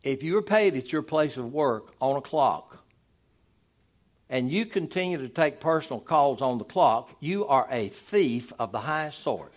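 A pastor, preaching a sermon in an emphatic, exhorting manner. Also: male voice, lively intonation, unhurried. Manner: preachy, emphatic, rising to loud exhortation then dropping low.

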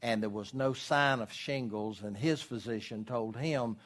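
A man preaching a sermon as pastor, animated and storytelling, acting out voices in his illustrations. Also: mid-range voice, measured pace.

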